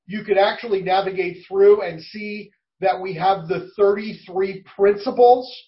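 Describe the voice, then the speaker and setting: A man's voice: high voice, far from the mic. A man speaking for a college in an interview, enthusiastic and emphatic. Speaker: college representative. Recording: muffled, away from the mic.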